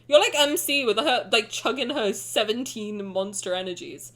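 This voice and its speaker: A young woman streaming live, her voice high and bright, swinging up and down with lots of expression. She talks in a casual, teasing, blunt way, cursing freely and breaking into giggles. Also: expressive, normal speed.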